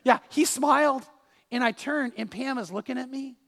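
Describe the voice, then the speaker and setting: Guy preaching in a church, kinda high pitched, lots of echo, tells stories and restarts a lot. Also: moderate pace, vocal fry, pushed and bright. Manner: storytelling preacher, with repeated words and restarts. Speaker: pastor. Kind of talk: sermon.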